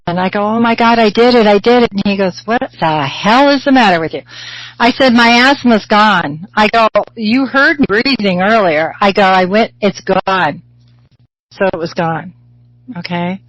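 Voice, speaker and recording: A woman's voice: mid-range voice, dry recording, low-quality recording. A middle-aged woman teaching about spirituality in a rambling, chatty way, with many fillers and restarts. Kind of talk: casual spiritual teaching talk.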